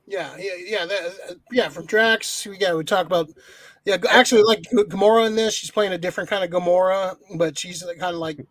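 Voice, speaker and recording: A man's voice: sits high, a little fast, a bit bright, no room sound. A man co-hosting a podcast, reviewing a movie in rambling, profanity-laced casual chat full of fillers. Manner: swears a lot, rambling with many fillers. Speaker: podcast co-host.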